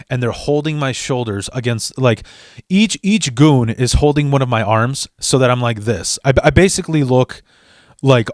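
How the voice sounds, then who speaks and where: In a casual storytelling bit, a male podcast host gets fired up and profane, stumbling over restarts. The mid-range voice comes through a studio mic, dry and clean.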